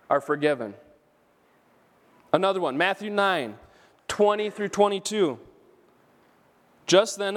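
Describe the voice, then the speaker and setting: A man pastor preaching an earnest, emphatic sermon in a church, repeating key phrases for emphasis. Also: sits high. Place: church sanctuary. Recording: long hall reverb.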